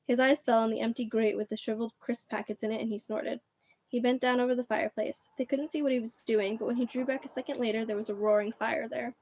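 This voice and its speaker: A woman reading a children's book aloud on a livestream, expressive and chatty between chapters. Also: fairly high pitch, fast, dry recording. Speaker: reader.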